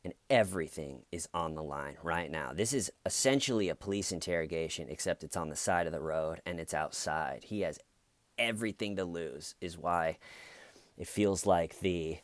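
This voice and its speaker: Low dry voice guy doing funny true crime commentary, acts out everyone. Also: moderate pace, dry recording. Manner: animated storyteller, acts out quotes. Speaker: channel host.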